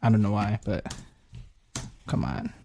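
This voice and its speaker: A man's voice: fairly low pitch, lively intonation, unhurried, warm tone. Laid-back young man hosting a podcast. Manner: laid-back, slangy, swears casually. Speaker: podcast host. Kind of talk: casual chat.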